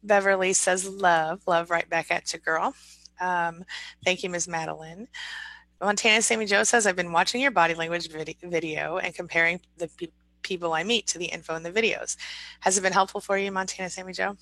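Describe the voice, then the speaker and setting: A woman's voice: fairly low pitch, steady tone, a little fast, bright, forceful tone, dry recording, low-quality recording. A woman hosting a casual livestream, reading viewer comments aloud and answering them in a chatty, encouraging way. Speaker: livestream host reading chat.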